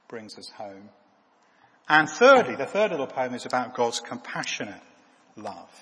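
A man preaching a sermon who repeats his words haltingly and drops to a soft, low voice. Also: breathy edge, in a large hall.

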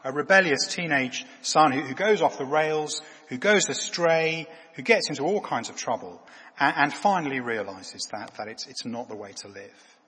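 A man preaching a sermon who repeats his words haltingly and drops to a soft, low voice. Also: lively intonation, husky, in a large hall.

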